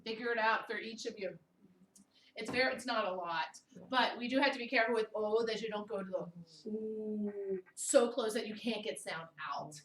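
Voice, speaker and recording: Woman, mid-Atlantic American accent, thirties, voice teacher, animated, demonstrates vowels aloud, fairly high voice, echoey room, distant mic. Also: normal speed, slight background noise. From Baltimore, USA. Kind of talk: vocal technique workshop.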